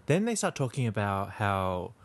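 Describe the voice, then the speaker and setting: A man's voice: on the low side, sing-song, moderate pace. A man with a mild Australian accent, co-hosting a podcast in casual, chatty talk and laughing easily. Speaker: podcast co-host. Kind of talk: casual chat.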